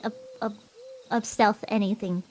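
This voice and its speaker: A woman's voice: mid-range voice, fairly even intonation, measured pace, a little mellow. A woman playing a tabletop game, chatting casually and often trailing off in a flustered way.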